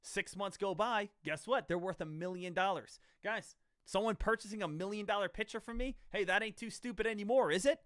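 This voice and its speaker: Man in his thirties, slightly higher voice, dry close sound; casual streamer who rambles, circles back on himself and keeps quizzing his viewers. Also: fairly quick, few pauses, a bit bright, dry recording. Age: 30s. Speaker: stock trading streamer.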